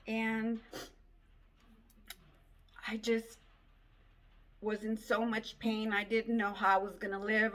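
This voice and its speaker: A woman giving an emotional personal testimony, speaking in a halting, tearful way. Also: on the high side, fairly bright tone. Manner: slow, halting, tearful storytelling.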